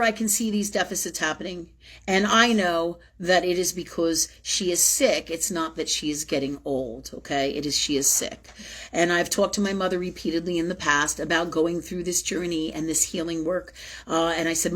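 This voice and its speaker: Husky-voiced woman hosting a spiritual livestream. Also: lowish voice, steady tone, normal speed. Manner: emotional, intense, swears freely; repetitive, emphatic phrasing. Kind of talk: personal confessional monologue.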